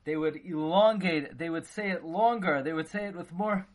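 A man's voice: fairly high pitch, moderate pace. Man giving a lecture. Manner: dense with Hebrew and Yiddish terms, acts out dialogue. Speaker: rabbi teaching Torah. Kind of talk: Torah lecture.

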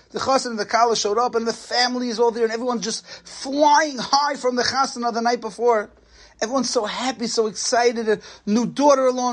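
A man with a fairly high voice delivers a sermon, spinning a story with lively, dramatic storytelling. He leans into each beat and draws the listener along. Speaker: lecturer.

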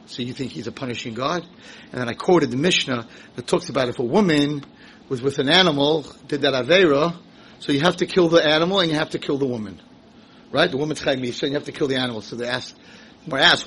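A man teaching a Torah class, emphatic and animated, asking rhetorical questions and rising to shouts. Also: medium pitch, quick pace, a little hiss or hum, rough recording. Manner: rhetorical questions, acts out quotes. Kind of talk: Torah lecture.

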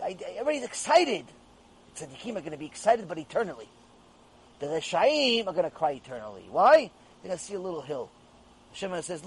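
High, husky-voiced man teaching Torah. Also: big pitch swings, a little fast, poor audio. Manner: emphatic, repeats key phrases. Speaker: rabbi. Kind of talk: Torah lecture.

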